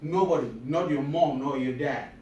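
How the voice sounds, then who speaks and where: A man speaking to high school students in a motivational talk. He is emphatic and repetitive and often asks the audience questions. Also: normal speed, warm tone, a little hiss or hum. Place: school auditorium or hall. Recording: echoey room recorded from a distance.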